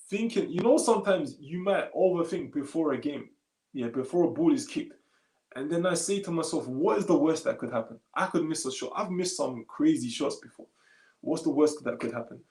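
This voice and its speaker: A man, a little tired, chatting casually on a live stream and reading comments aloud in relaxed slangy talk. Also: on the high side, echoey room, poor audio. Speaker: streamer answering chat.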